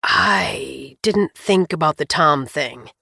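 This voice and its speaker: A woman voicing a tender, worried adult husband who speaks low, soft and hesitant in an audiobook. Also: animated, slow pace, creaky, breathy edge, no echo, studio quality, exaggerated voice.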